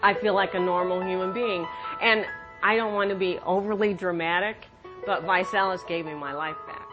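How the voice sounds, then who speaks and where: Lady telling her story kinda halting, lowish voice, dull audio w music playing. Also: steady tone. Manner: halting and earnest, with pauses and restarts. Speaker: customer giving a testimonial. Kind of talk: personal testimonial.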